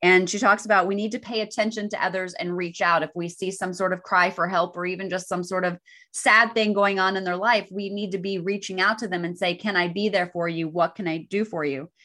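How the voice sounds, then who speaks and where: A woman's voice: lowish voice, fairly even intonation, brisk, pushed and bright. Upbeat woman co-hosting a talk show. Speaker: podcast co-host. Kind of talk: casual chat.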